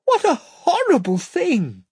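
A reader voicing a gentle, perceptive young girl in a storybook, speaking in a soft, earnest way. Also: sits high, big pitch swings, normal speed, slightly rough, dry recording, clean studio sound, pitched above the performer's own voice, full character voice. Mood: horrified.

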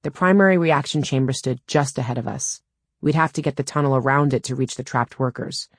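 A woman's voice: extremely low pitch, a little fast, no echo. A woman reading a first-person audiobook in a wry, dry storytelling manner, close to a studio mic. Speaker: audiobook narrator.

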